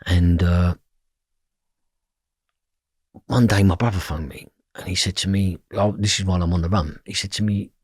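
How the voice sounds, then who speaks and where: A man's voice: deep voice, fairly even intonation, brisk, breathy edge, dry recording, studio quality. A man, a podcast guest telling a personal story in a blunt, emotional way and swearing freely. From London.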